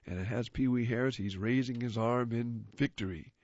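A man's voice: mid-range voice, normal speed, a little mellow, dry recording. A man reading a magazine aloud for a radio reading service, describing the pictures off the cuff in a casual way. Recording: muffled lo-fi recording.

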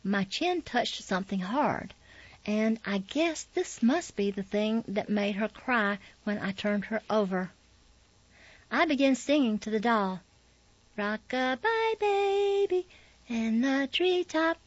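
Woman calmly reading a memoir. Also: mid-range voice, dry recording. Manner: calm, measured storytelling. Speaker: narrator. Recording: slightly dull, dry recording.

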